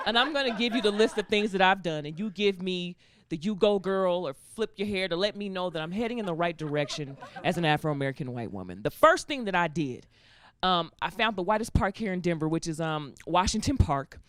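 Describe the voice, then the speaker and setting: A young woman doing a stand-up comedy set, telling stories in an animated, laughing way and slipping into voices, on a stage with a live audience. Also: lowish voice, a little fast. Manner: animated, laughing storytelling that slips into character voices.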